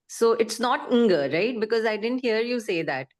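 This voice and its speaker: A woman student in an online class, asking questions hesitantly with many pauses and fillers. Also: on the high side, animated.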